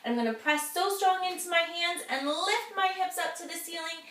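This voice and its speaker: Woman, kids' yoga teacher, high voice, cheerful and encouraging, echoey room, heard from a distance. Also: moderate pace, sharp tone. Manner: cheerful, encouraging, speaks to children. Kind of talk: guided children's yoga class.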